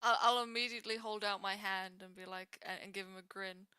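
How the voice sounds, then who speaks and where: A woman's voice: mid-range voice, steady tone, brisk, sharp tone, smooth, no room sound. A woman playing a tabletop game, hesitant and restarting her sentences. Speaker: player.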